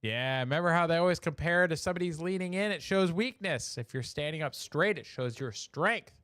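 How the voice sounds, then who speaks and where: A man's voice: on the high side, a little fast, fairly bright tone, clear, resonant tone, dry recording. Chatty man with a dry close sound. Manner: joking and chatty, laughs at own jokes. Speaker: show host. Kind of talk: casual commentary on memes.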